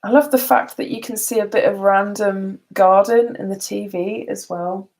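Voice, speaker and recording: A woman's voice: mid-range voice, steady tone, moderate pace, darkish tone. A tired woman chatting casually on a live stream, rambling and laughing often. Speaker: beauty vlogger.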